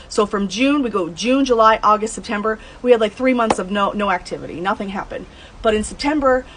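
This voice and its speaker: Woman, thirties or older, first-person vlogger, blunt and heated, voice sits a touch high, faint room noise. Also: low-quality recording. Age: adult, over 30. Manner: blunt and heated, swears, rises to high outbursts. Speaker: true crime vlogger telling her mother's case. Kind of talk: emotional first-person storytelling.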